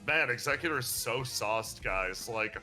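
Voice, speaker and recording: A man's voice: mid-range voice, unhurried, faint music behind. A man chatting casually as a streamer, animatedly retelling a game's story and laughing now and then. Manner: animated, laughs and breaks into playful character voices. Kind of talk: casual chat recapping a game story.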